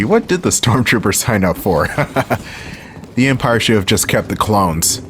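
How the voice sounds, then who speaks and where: Over quiet game music and some background noise, a deep-voiced man from around Philadelphia narrates his gameplay as a let's-play host. With a Philly accent, he offers wry, offhand remarks, amusing himself with jokes and swearing every so often.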